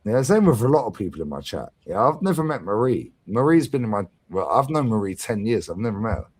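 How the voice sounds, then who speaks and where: A man's voice: fairly low pitch, fast, breathy edge. A man hosting a fan talk stream, telling stories in casual chat with plenty of slang and swearing. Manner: swearing, slangy, lively storytelling.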